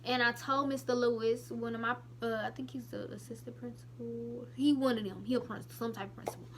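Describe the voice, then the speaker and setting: Speaking a little fast in a voice on the high side, a young vlogger recounts something personal to her audience over a noisy background. She's animated and emotional, casual in tone, and keeps drifting into asides.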